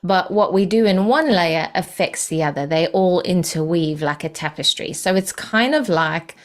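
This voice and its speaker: A woman from the UK, a podcast guest calmly explaining ideas in a patient, unhurried way with frequent fillers. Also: on the low side. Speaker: podcast guest, energy healing practitioner. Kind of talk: explanatory interview talk.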